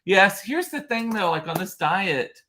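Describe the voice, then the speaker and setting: A man's voice: high-pitched, big pitch swings, a little slow, sharp tone. A man from South Texas, talking casually to viewers in a rambling way, full of fillers and restarts, and stopping to answer their comments. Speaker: vlogger. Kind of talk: casual live-stream chat.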